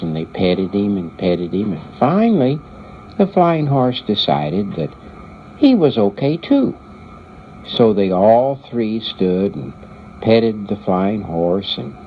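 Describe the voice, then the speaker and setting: An older grandfather storyteller speaking very slowly in a lowish voice, pausing and repeating words as he goes. The recording is dull and muffled, with a faint hiss behind him. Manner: unhurried, halting, repeats words. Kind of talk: oral storytelling.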